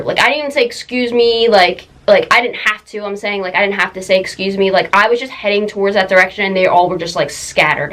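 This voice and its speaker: A young woman telling a personal story in a confessional vlog, halting, full of fillers and close to tears. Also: mid-range voice, a bit bright, rough recording. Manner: emotional, halting, many fillers. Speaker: vlogger.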